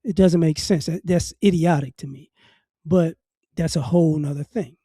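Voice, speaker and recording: Speaking at a moderate pace, a New Orleans commentary vlogger offers a casual, blunt monologue of opinions, repeating words as he works to his point. His high, dark, mellow voice is slightly rough and carries a faint Southern accent, captured in a dry, close recording with no echo.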